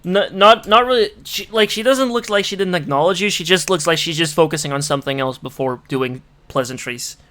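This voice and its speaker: A man as dungeon master, narrating a tabletop game in a halting way with many fillers. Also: on the high side, pushed and bright.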